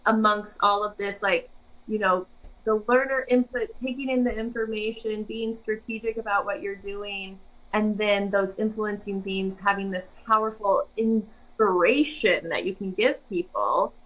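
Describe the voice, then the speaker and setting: A woman co-hosting a podcast in animated, self-mocking casual chat. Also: mid-range voice, unhurried, rough recording. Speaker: podcast co-host.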